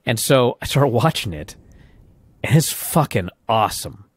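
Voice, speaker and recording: A man in his late thirties chats on a podcast, his voice swinging up and down as he acts out the story. He talks in a profane, animated way, and the sound is close and dry. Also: medium pitch, measured pace, slightly rough, no room sound. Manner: animated, profane, re-enacting what others said. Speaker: podcast co-host. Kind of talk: casual chat.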